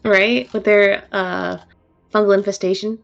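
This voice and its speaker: A woman player chatting loudly and laughing during a tabletop game. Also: mid-range voice, level tone, a little slow, gravelly, muffled recording, soft background music. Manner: loud, laughing. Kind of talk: casual chat.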